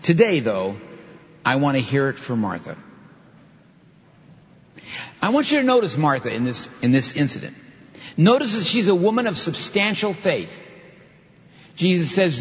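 A male preacher reads a scripture passage aloud and then explains it with emphatic asides. His pitch moves widely as he leans into key lines. The sound is dull and muffled, with long reverb hanging in a large church hall. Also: big pitch swings, normal speed, pauses often. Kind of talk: sermon with scripture reading.

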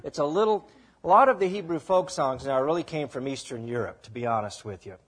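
A man teaching a Bible passage to a congregation in a slow, deliberate way, asking the listeners to repeat words after him. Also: on the high side, lively intonation, slightly rough. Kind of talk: teaching sermon with sing-along.

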